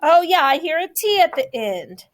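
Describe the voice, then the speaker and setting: A woman teaching a phonics lesson to a class of young children, slowly stretching out the sounds of words. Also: extremely high pitch, sing-song.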